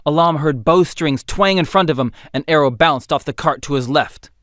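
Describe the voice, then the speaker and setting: A man narrating a fantasy audiobook in an expressive, dramatic storytelling style. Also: a little high, moderate pace, no room sound, clean studio sound. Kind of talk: scripted narration.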